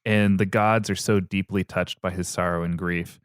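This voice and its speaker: Brief: young male co-host, playful storyteller who laughs a lot, smooth clear voice, lowish pitch. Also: fairly even intonation, normal speed, no room sound, clean studio sound. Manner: playful, laughs often, slips into goofy character voices. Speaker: podcast co-host. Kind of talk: joking myth retelling.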